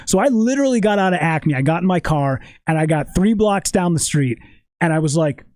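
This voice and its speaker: A man telling a story in a casual podcast chat, animated and swearing often. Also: high voice, brisk, dry recording. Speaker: podcast guest.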